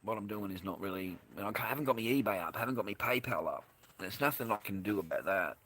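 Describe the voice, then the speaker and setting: A man's voice: fairly low pitch, expressive, fast talker, fairly bright tone, husky. An Australian man hosting a casual livestream, rambling and swearing bluntly as he answers his live chat. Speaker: livestream host.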